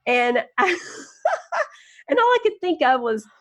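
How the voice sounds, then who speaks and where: Woman podcast guest, higher voice, lively self-mocking storyteller, encouraging and upbeat. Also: takes it slowly. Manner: animated, self-mocking, laughs while telling stories. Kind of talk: casual storytelling interview.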